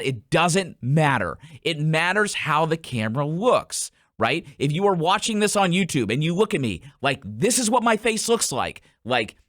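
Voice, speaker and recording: Animated man coaching golf on a podcast. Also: on the high side, dry recording, studio quality. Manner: animated storyteller, acts out quotes in changed voices. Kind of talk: casual podcast coaching talk.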